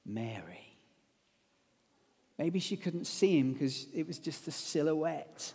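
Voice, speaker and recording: A man preaching a lively, conversational sermon that retells a story, with casual asides. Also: on the high side, a little slow, gravelly, breathy edge. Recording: long hall reverb.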